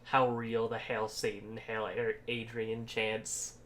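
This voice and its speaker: A man's voice: fairly low pitch, completely flat delivery, slow, fairly bright tone, a little hiss or hum. A man co-hosting a podcast, adding short agreeing comments in a casual film chat. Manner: brief agreeing comments and backchannels. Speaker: podcast co-host.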